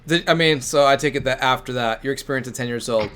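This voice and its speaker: A man hosting a casual group storytelling chat, animated and asking eager questions. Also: mid-range voice, fast, clear, resonant tone. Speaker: host.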